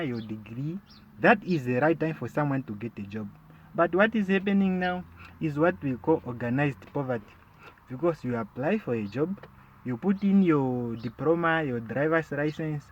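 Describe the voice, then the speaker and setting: A man's voice: on the high side, highs cut off. A man performing a sarcastic comic monologue, talking straight at his listeners and ending points with "yeah?". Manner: sarcastic, addresses listeners directly with "my friend" and "yeah?". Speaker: comedian.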